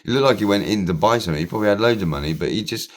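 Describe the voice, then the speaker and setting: A man's voice: lowish voice, expressive, very fast. A man telling a rambling personal story, swearing freely and repeating himself. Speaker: vlogger.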